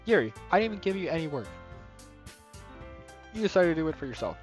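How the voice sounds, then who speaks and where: A man reading as a calm club-leader girl. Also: a little high, quick pace, soft background music. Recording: dull lo-fi recording.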